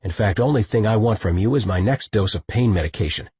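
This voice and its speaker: A gruff, defensive soldier barking short, commanding lines, as a man reads him from a storybook. Low and husky in a dry, close take. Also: fairly quick, a little mellow, no room sound. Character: gruff wounded male lieutenant, proud and defensive. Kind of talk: audiobook character voice.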